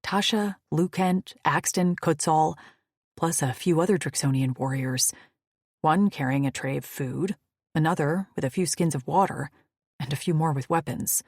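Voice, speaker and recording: A woman reads a first-person romance audiobook in an intimate, breathy hush. Her voice is low and husky, with a gravelly fry. She takes an unhurried pace. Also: dry recording, clean studio sound. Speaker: audiobook narrator.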